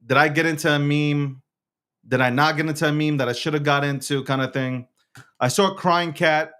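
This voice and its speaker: A man's voice: a little high, steady tone, a little fast, a bit bright, smooth. A man hosting his own show, talking in a casual, slangy monologue with lots of stammered restarts. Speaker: show host.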